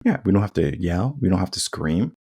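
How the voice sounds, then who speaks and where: A man's voice: deep voice, big pitch swings, brisk, mellow, breathy edge. A young adult man hosting a podcast, talking in an emphatic, repetitive way and acting out quotes in changing tones. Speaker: podcast host. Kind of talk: casual monologue.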